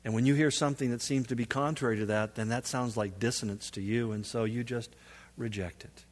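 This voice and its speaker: A man's voice: mid-range voice, fairly even intonation, brisk. A man giving a sermon as a pastor, telling stories in a conversational way and building up to emphatic peaks. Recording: long hall reverb.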